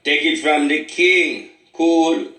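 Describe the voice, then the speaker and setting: A man's voice: on the high side, takes it slowly, bright, forceful tone, far from the mic. A man with a Jamaican Patois accent, a spiritual reader giving a preachy, boastful warning monologue that rambles in patois. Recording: echoey room, away from the mic.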